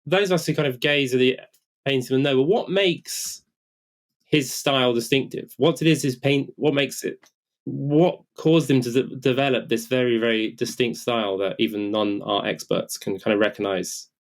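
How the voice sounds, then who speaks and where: A man's voice: mid-range voice, normal speed. A man hosting a podcast, asking a question with hesitant, searching phrasing. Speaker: podcast host. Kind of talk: conversational interview question.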